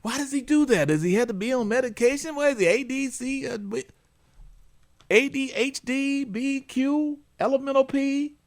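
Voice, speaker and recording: A man mimicking a worried, flustered young mother in a high, pleading, excitable voice. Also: moderate pace.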